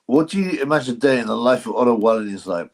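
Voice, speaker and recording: A man chatting loosely on a livestream in a middle-pitched voice. He rambles from one aside to the next, mocking and joking as he goes. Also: animated, fast talker, darkish tone. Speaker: livestream host. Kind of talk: casual livestream chat.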